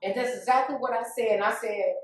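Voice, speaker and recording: A woman tells her own story with raw feeling and slips into the voices of the people in it. Her voice sits a little high. She sounds set back from the microphone in a strongly echoing room. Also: brisk, far from the mic, slight background noise. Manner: emotional storytelling, acts out quoted voices. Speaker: guest. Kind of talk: candid personal testimony.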